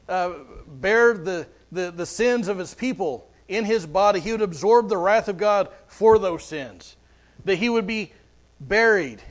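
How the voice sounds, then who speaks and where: A man preaching a sermon as pastor, earnest, often repeating words as he goes. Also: sits high.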